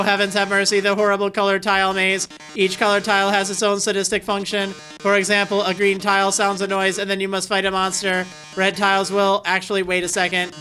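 A flamboyant robot TV star, put on by a woman, purrs and declaims every line with mock-tragic drama. The voice is bright and pushed forward, full of gloating stage flair. It sounds like game dialogue read aloud with theatrical relish. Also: medium pitch, close to an everyday voice. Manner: melodramatic, mock-tragic, calls everyone darling.

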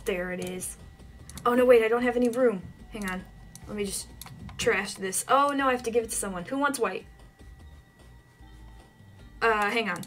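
A woman's voice: on the high side, a bit bright. A woman giving casual let's-play commentary, talking to herself with frequent flustered yelps and laughs. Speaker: gaming channel host.

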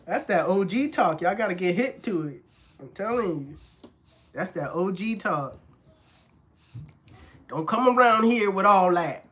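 A man's voice: takes it slowly, long pauses. A man, chatting casually and playfully while streaming live as a barber. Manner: animated, laughing, mimics older folks in a squeaky voice. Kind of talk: casual livestream chat.

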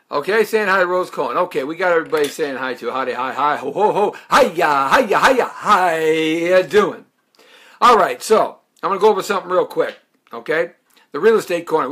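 A man in his fifties, a talk show host from Chicago raised in Southern California, talking in an animated, jokey, hype-man way. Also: fairly high pitch, breathy edge. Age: 50s. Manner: sings snatches and laughs at own jokes. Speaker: radio show host and real estate broker. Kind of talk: live-streamed radio talk show. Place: radio studio.

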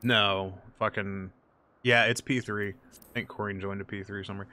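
A man's voice: on the low side, level tone, moderate pace, sharp tone. A man streaming an online game, chatting casually with friends, joking and swearing freely. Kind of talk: casual gaming chat over voice call. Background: music.

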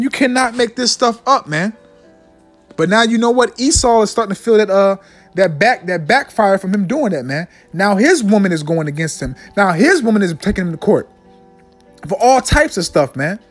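A man preaching a fiery sermon, ending nearly every line with "man" and slowing down to read scripture solemnly. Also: high voice, animated, soft background music. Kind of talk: fiery street-style sermon with scripture readings.

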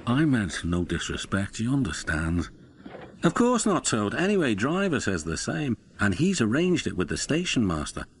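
A man's voice: medium pitch, wildly swooping pitch, moderate pace, a little hiss or hum. A man voicing a polite, earnest young engine who speaks apologetically. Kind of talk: storybook narration.

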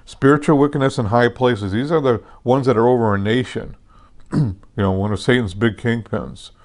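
A man's voice: mid-range voice, moderate pace. A man pastor teaching a sermon in a conversational way, often asking "amen?" and "okay?", with many restarts and self-corrections. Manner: conversational, repeats "okay" and "amen" checks with listeners.

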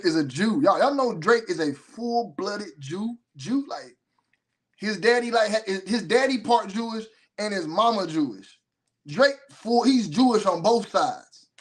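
A man runs a loose, casual commentary show. His voice sits high, and he tells long stories full of profanity, piling one detail on the next with lots of animation. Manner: animated, profane, rambling storytelling. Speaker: host.

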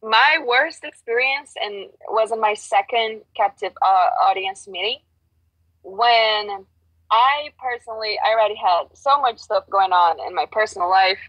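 A woman's voice: medium pitch, unhurried, a bit bright, no room sound, rough recording. A woman guest, a grocery union organizer, telling her story in an earnest, frank, casual way with many restarts.

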